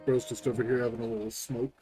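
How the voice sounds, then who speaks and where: A man's voice: mid-range voice, level tone, quick pace, dark tone, faint music behind. A man streaming a game, chatting casually and joking about what happens on screen. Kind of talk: casual live-stream commentary.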